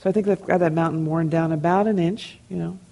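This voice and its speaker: A woman with a New Jersey accent, a meditation teacher telling stories and answering questions in a relaxed, conversational way. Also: fairly low pitch, fast, gravelly, poor audio. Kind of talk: dharma talk question and answer.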